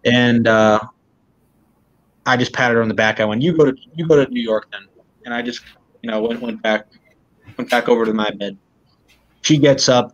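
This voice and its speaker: A man being interviewed, retelling events in a halting way and often repeating words. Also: medium pitch, fairly bright tone, dull audio. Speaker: interview guest.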